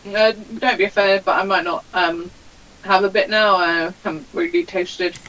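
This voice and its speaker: A woman's voice: mid-range voice, lively intonation, moderate pace, fairly bright tone, rough recording. A woman playing in a casual tabletop game, teasing and a little hesitant. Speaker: player.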